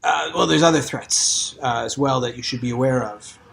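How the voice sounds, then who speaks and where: A man narrating a tabletop role-playing game as game master, halting and full of fillers as he checks his notes. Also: medium pitch, vocal fry, a bit bright.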